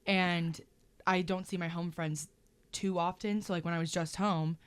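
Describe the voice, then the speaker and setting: A woman's voice: lowish voice, steady tone, normal speed, clear, resonant tone. A young woman co-hosting a casual chat, earnest and chatty, filling her talk with "like". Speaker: co-host.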